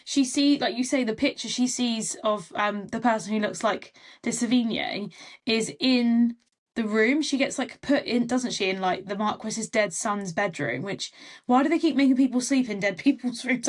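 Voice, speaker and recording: A woman's voice: on the high side, moderate pace. A woman co-hosting a podcast, chatting casually about a novel's plot, quoting characters and adding tag questions. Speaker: podcast co-host. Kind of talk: casual book chat.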